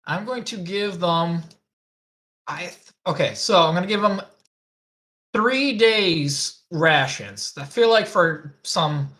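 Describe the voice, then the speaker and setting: Male player, fairly high voice, relaxed chat that thinks out loud at the table. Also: slow pace. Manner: easygoing, thinks aloud. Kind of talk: casual chat during a tabletop game.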